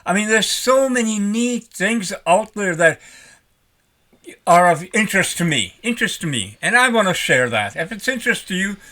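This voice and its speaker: Lively, bright-voiced older man vlogging. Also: high-pitched, normal speed. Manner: rambling, folksy and animated. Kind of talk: casual vlog talk.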